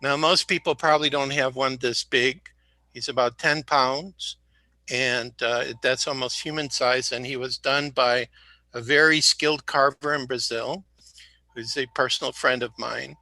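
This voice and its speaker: A man's voice: mid-range voice, steady tone, a little slow, bright, forceful tone, no room sound. A man speaking as a guest, rambling and joking as he talks and correcting himself mid-sentence, slightly sick. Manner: rambling, jokey, self-correcting. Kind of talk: casual interview talk.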